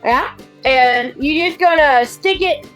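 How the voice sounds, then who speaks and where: A woman's voice: high-pitched, slow pace, a bit bright, soft background music. A young woman with a Southern Alabama mountain accent, chatting casually as podcast co-host and laughing often. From Alabama, USA. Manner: giggly, laughs often, playful. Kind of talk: casual chat.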